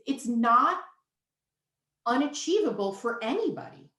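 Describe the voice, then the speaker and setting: Candid and emphatic, a woman in her fifties appears as a nutritionist guest in a relaxed interview. She sounds very animated, with a high, bright, forceful voice at a measured pace, and the room gives off a noticeable echo.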